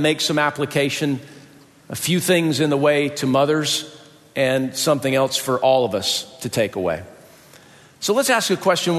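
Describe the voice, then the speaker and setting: A man from the US South preaching a sermon as pastor, folksy and lively, joking about his own mother. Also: on the high side. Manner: animated, folksy, jokes about his mom with playful impressions. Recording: long hall reverb.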